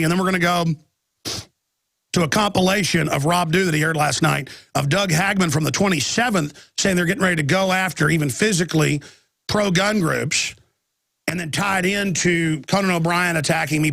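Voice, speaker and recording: A man's voice: on the high side, vocal fry, a bit bright, no echo, studio quality. A man hosting a talk radio show, rambling and agitated with many restarts, talking through a chest cold with coughing.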